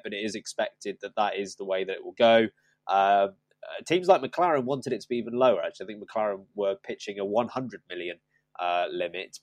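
A man's voice: on the low side, dry recording. A man hosting a podcast, chatting casually, teasing the others and steering them to the next topic. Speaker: podcast host. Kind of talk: casual chat.

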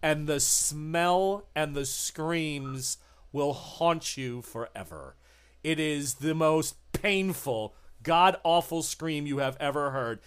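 A game master slowly narrating a horror tabletop game with deliberate, ominous description. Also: mid-range voice, animated, smooth.

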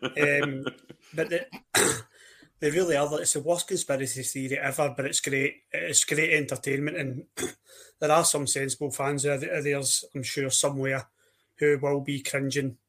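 A man's voice: fairly high pitch, flat delivery, unhurried, fairly bright tone. A Scottish man co-hosting a podcast, chatting casually in a wry, storytelling way. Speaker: podcast co-host.

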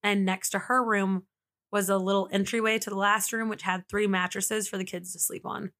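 A podcast host, the woman has a mid-range, slightly bright voice, delivered flatly at a moderate pace. She walks through a true-crime case in a chatty way, laughing easily and saying "like" a lot.

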